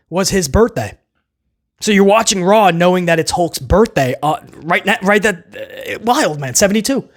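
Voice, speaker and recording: A man hosting a casual wrestling review, talking sarcastically and rambling with stammered restarts. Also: high-pitched. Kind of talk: casual video review rant.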